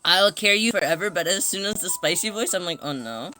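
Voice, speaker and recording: A man's voice: sits high, quick pace, soft background music. A man chatting casually on a livestream, rambling and self-conscious, greeting viewers as they arrive. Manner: greets chat members warmly.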